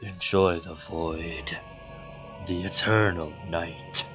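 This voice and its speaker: Man voicing a low whispery taunting voice, cold, deliberate, slow. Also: steady tone, sharp tone, soft background music, exaggerated voice. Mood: menacing. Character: taunting inner voice, cold and accusing.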